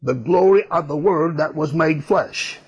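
A man's voice: on the high side, measured pace, breathy edge. A man preaching a sermon, emphatic and repetitive in a folksy way.

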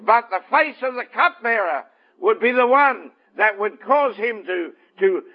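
A man's voice: animated, a little slow. A man preaching a sermon and telling a story, acting out the dialogue as he goes. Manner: storytelling, acts out dialogue with shifting pitch. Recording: dull lo-fi sound.

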